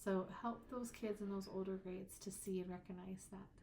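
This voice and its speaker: A woman instructor giving a recorded lecture. She explains with patience and says her example words slowly, drawing them out. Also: medium pitch, fairly even intonation, mellow, slight background noise. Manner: slow, drawn-out example words.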